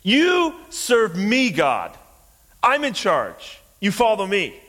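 A man's voice: mid-range voice, a little slow, warm tone, husky, long reverb tail, pitched below the performer's own voice. A preacher voicing a bitter, mocking male criminal who taunts and sneers. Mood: arrogant.

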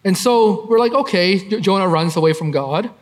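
A man's voice: high-pitched, expressive, normal speed, darkish tone. A man preaching and teaching through a Bible passage in a conversational way, with frequent fillers and tag questions like "right?".

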